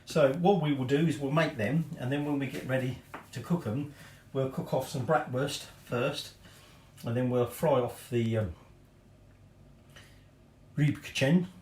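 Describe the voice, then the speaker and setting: Middle-aged male cooking host, rambling and self-mocking, mid pitch, roomy kitchen echo with faint noise. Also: a little slow, darkish tone. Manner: chatty, rambling, self-deprecating asides. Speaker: home cooking show host. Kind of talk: casual cooking demonstration. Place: home kitchen.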